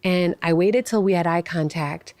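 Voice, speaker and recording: A middle-aged woman co-hosting a podcast, telling a story in a chatty, animated way, with many "like" and "you know" fillers. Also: on the low side, moderate pace. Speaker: podcast co-host. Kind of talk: casual conversational storytelling.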